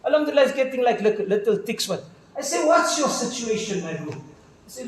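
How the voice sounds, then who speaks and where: A man's voice: very high voice, sing-song, a little fast, a little hiss or hum. A middle-aged man with a South African accent, an imam telling stories in a sermon with quoted dialogue and casual slang. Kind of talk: sermon storytelling. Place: mosque hall. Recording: very echoey mosque hall.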